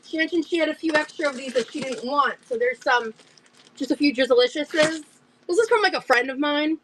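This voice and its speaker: A young woman livestreaming as she opens gifts, talking in gushing, breathy exclamations full of fillers. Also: sits high, brisk, background noise. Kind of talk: casual livestream chat.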